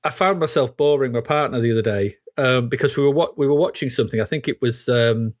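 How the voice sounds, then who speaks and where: A man's voice: medium pitch, fast, no echo, clean studio sound. A man co-hosting a podcast, chatting casually and poking fun at himself. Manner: self-mocking, laughs often. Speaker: podcast co-host. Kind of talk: casual chat.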